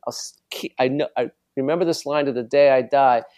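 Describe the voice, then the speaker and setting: A man's voice: mid-range voice, fairly quick, a little mellow. A man co-hosting a podcast, telling rambling stories in casual chat, swearing freely. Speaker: podcast co-host.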